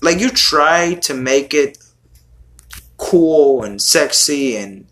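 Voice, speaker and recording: A man's voice: on the high side, lively intonation, slow, fairly bright tone. A man giving casual reaction commentary on song lyrics, exasperated and swearing as he mocks them.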